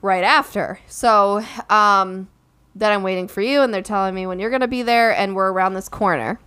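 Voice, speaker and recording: A young woman recounts a story in a loose, chatty way, filling her sentences with "like". Her voice is smooth and clean, and she often turns to address her listeners directly. She speaks at an ordinary middle pitch. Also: moderate pace. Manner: animated storytelling, lots of "like" fillers. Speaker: podcast co-host and recent bride. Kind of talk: casual chat.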